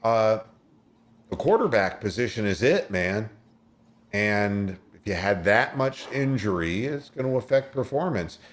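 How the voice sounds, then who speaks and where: A sports radio host in casual talk, retelling games play by play like a storyteller. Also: male voice, on the low side, animated, a little slow.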